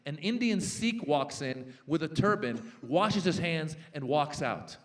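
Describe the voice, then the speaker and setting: A man in his forties doing a stand-up comedy set on a festival stage, animated and jumping into impressions and shouted punchlines. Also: a little high, measured pace. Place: large festival stage before a live audience.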